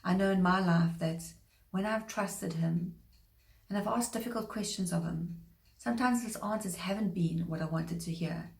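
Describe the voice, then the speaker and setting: A woman giving a short devotional sermon, earnest and measured, slowing down to stress scripture. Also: fairly low pitch. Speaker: preacher. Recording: echoey room.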